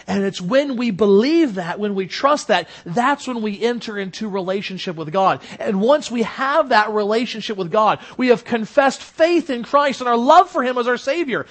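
A man preaching a sermon in an earnest way, rising for emphasis and dropping to soft, low endings. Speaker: pastor.

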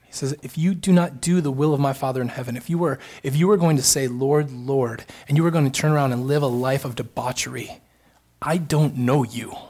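A man's voice: mid-range voice, fairly even intonation, quick pace, hardly any pauses, mellow. A married man preaching a sermon, emphatic and building to fervent repeated phrases. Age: adult, married. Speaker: pastor.

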